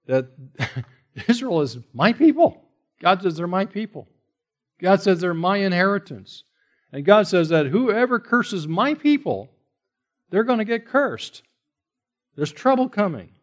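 A man preaching a sermon. He is animated, rising to emphatic when quoting God, and breaks off into conversational asides and rhetorical questions. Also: a little high.

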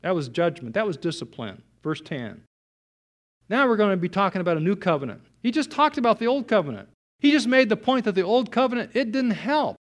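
A man preaching an expository sermon, reading scripture slowly and stressing key words emphatically. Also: sits high, big pitch swings.

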